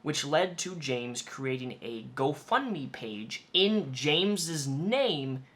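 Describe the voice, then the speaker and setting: A man's voice: fairly high pitch, animated, takes it slowly, a bit bright. A man narrating a commentary video in a conversational, pointed tone with light sarcasm. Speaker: YouTube commentator.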